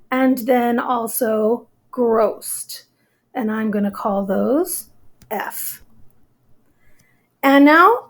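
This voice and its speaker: Slow, high-voiced woman teacher. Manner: slow, deliberate explaining, counting out syllables. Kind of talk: recorded classroom lesson.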